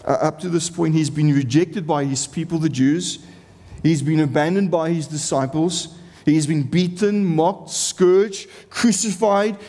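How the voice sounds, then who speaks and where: Male preacher, slightly high voice, slow deliberate delivery, earnest and impassioned, long hall reverb. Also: warm tone. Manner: earnest, impassioned, repeats phrases for emphasis. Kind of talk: sermon.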